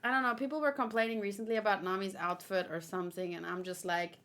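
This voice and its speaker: A woman's voice: mid-range voice, fairly even intonation, quick pace, few pauses, fairly bright tone. A woman hosting a manga read-along, chatting casually with playful, sarcastic asides.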